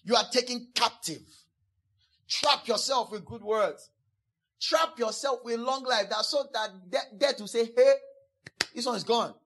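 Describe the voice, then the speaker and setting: A man's voice: extremely high pitch, unhurried, bright, forceful tone, breathy edge. A man preaching a sermon as pastor, emphatic, repeating key phrases again and again, and acting out quoted speakers. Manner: acts out quoted speakers in a playful voice.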